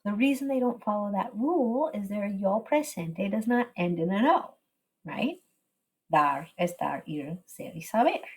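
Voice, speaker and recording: A woman's voice: mid-range voice, expressive, unhurried, darkish tone, slightly rough. A woman teaching a recorded slide lesson, explaining step by step and switching between Spanish and English.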